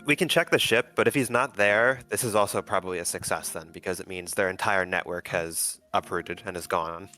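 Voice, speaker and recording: A man's voice: sits low, brisk, few pauses, sharp tone. A man playing a tabletop game, making wry jokes about the party. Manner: wry, joking. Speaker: player. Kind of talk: casual tabletop play.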